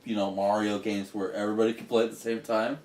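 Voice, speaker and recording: A man's voice: on the low side, little pitch movement, quick pace, darkish tone. A man hosting a podcast, chatting loosely about games, swearing and laughing often. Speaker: podcast host. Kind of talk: casual chat. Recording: roomy, distant mic, faint noise.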